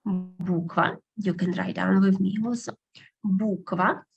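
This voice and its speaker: A woman teaching an online beginner language class, patiently repeating words slowly over a video call. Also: fairly low pitch, fairly even intonation, creaky, breathy edge, lo-fi sound.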